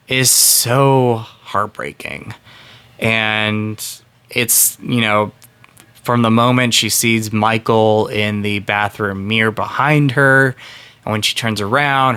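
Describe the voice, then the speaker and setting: Unhurried male film reviewer, thirties, bright, clear voice, earnest and rambling. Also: medium pitch. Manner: rambling with many fillers and restarts; earnest and emotionally invested. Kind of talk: casual spoken film review.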